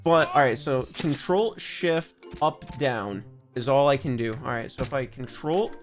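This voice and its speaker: A man's voice: a little high, expressive, moderate pace, soft background music. A young man giving goofy, rambling let's-play commentary from his home office, often stumbling over his words. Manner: goofy, rambling, self-aware jokes, frequent stammered restarts. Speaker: gaming YouTuber.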